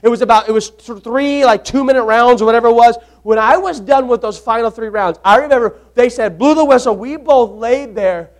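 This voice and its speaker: Young male pastor, very high voice, animated sermon delivery that drops to a hush. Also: brisk, few pauses. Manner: animated preaching, swings from loud to hushed.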